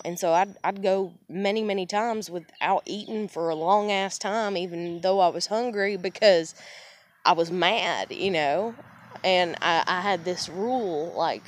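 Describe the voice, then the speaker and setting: A woman's voice: on the low side, normal speed, dry recording. A woman in a casual personal monologue. She talks candidly, swears often, rambles, restarts sentences and keeps saying "you know.".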